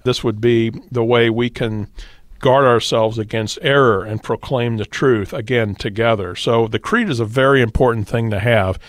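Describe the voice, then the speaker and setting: A man speaks as a pastor on a radio discussion, patient and teacherly as he works through verses, with the odd "uh" along the way. His voice sits at an ordinary pitch. The recording is close and dry, with no room sound. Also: normal speed, dry recording. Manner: teacherly, quotes scripture, occasional fillers. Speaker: pastor, guest. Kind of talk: radio discussion, explaining doctrine.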